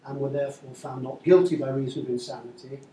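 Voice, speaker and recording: A man reading his novel aloud in a measured, wry way, then answering interview questions. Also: mid-range voice, little pitch movement, mellow, a little hiss or hum. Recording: echoey room, far-off mic, faint ambience.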